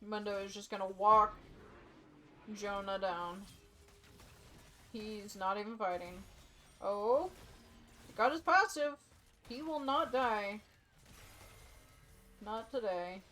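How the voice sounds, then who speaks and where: A young woman casting a live esports match in a relaxed play-by-play, tired and yawning. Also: medium pitch, takes it slowly, long pauses. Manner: sleepy, yawning, casual play-by-play. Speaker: esports caster.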